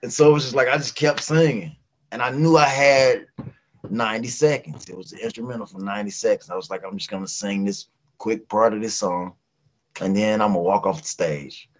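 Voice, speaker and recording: A middle-aged man from West Virginia, a guest singer telling a lively casual story and acting out the voices of people in it. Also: on the low side, a little fast, low-quality recording.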